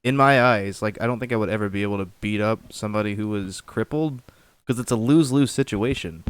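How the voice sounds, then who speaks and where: A man's voice: lowish voice, fairly quick, smooth. A man co-hosting a podcast, teasing his friend bluntly with lots of swearing in casual chat. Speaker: podcast co-host.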